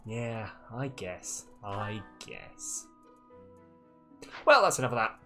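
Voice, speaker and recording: A man's voice: on the low side, very animated, takes it slowly, music in the background. Joking male game streamer. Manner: joking, reads game text aloud. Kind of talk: casual gameplay commentary.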